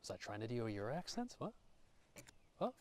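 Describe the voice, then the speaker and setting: A man's voice: medium pitch, wildly swooping pitch, fairly quick, a little mellow, a little hiss or hum. A young American man casually chatting and cooking at an outdoor campground, joking, swearing loosely and thanking his chat. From United States. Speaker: streamer.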